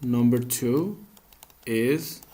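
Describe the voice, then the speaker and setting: Slow, patient male teacher. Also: medium pitch, dark tone. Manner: slow, patient, asks questions and answers them himself. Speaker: English teacher. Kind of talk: classroom grammar lesson.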